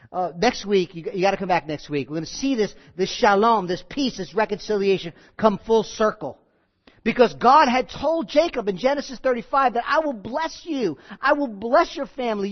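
A man preaching a sermon in a conversational, animated way, with frequent asides. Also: sits high, muffled recording. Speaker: pastor.

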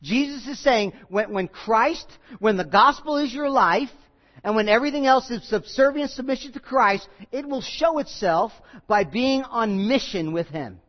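A male pastor preaching a sermon, emphatic, repeating key phrases and swinging between loud and quiet. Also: extremely high pitch, expressive, moderate pace, muffled recording.

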